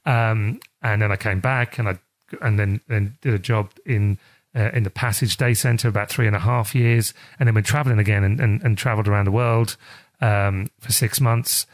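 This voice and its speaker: This middle-aged charity chief executive from South East London speaks in a lowish, fairly even voice at a normal speed. He chats casually in an interview, rambling and restarting often.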